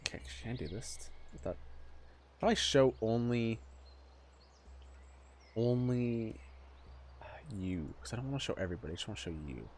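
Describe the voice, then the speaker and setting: A man's voice: mid-range voice, lively intonation, normal speed, pauses often, darkish tone, slight background noise. A man running a tabletop game as game master, narrating casually in a loose, meandering way with frequent fillers.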